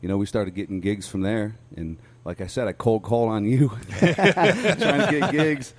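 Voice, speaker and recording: A man, a podcast co-host and songwriter, chatting in a relaxed way with dry jokes. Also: lowish voice, normal speed. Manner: dry, joking, laid-back. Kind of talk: casual chat.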